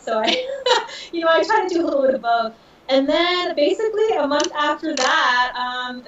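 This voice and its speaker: Podcast guest, woman, 30s, emotional storyteller, echoey room, faint background noise. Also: a little high. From Southern California. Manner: emotional, animated retelling with laughs. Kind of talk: casual storytelling. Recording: dull, distant, roomy audio.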